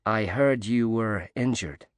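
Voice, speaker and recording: A man's voice: on the low side, takes it slowly, dry recording, studio quality. A man voicing a cheery American woman diver. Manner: cheery, warm, emphatic.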